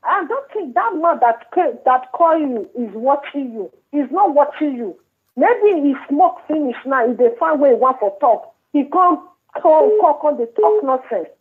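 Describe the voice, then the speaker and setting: A woman's voice: high-pitched, sing-song, measured pace. A Nigerian woman caller, calling in to a live show to reassure the host earnestly. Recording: tinny phone line.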